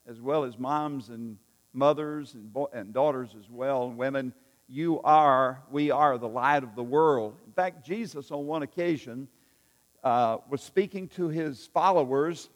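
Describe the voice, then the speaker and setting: Folksy pastor in a reverberant church. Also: male voice, a little high. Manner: folksy storytelling with many fillers and restarts. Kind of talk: sermon. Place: church sanctuary.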